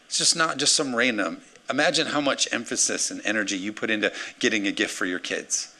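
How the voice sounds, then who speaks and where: A man preaches with a gravelly, fry-tinged voice that has a bright, forceful edge. He speaks as a pastor delivering an energetic sermon, slipping into playful acted asides. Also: lowish voice, brisk.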